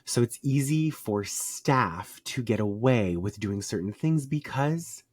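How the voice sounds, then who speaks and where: A man co-hosts a podcast in loose, joking chat, tossing out sarcastic asides and swear words as he goes. His voice has a slightly husky, breathy edge. The sound is dry and close, with no room around it. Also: mid-range voice, expressive, slow, no echo. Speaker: podcast co-host.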